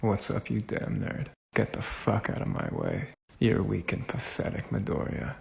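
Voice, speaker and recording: Bakugo, as a man does a gravelly contemptuous growl. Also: on the low side, wildly swooping pitch, normal speed, in a large hall, full character voice. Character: scornful, aggressive young male hero.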